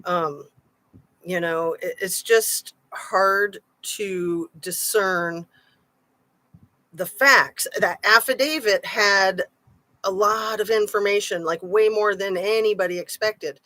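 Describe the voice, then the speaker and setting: A woman with a medium-pitched, sharp voice hosts a casual true-crime livestream, speaking slowly but animatedly. She rambles chattily through her thoughts with frequent "um" and "like," and reads out viewer comments. The audio is poor.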